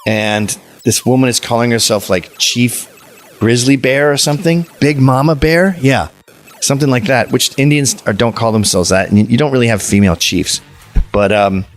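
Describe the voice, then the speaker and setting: A man from Canada, a podcast guest telling blunt, provocative stories in casual interview chat. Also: mid-range voice. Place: suburban home.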